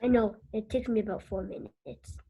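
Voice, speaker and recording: A woman's voice: mid-range voice, steady tone, normal speed, dark tone, slightly rough. A woman student on a video call, explaining her situation and repeating herself. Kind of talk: question in an online class.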